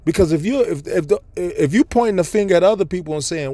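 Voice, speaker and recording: A man's voice: high-pitched, expressive, fast talker, mellow, dry recording. Blunt, profane preaching man. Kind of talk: profane street sermon.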